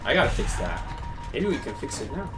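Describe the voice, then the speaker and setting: A man's voice: on the high side, sing-song, fairly quick, music in the background. A young man giving chatty, casual commentary while live-streaming a game and thanking his viewers.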